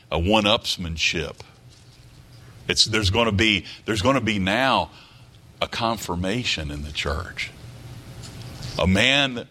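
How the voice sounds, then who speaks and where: A man's voice: lowish voice, bright, forceful tone. A man preaching a sermon, emphatic, repeating key phrases and quoting scripture aloud. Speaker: pastor.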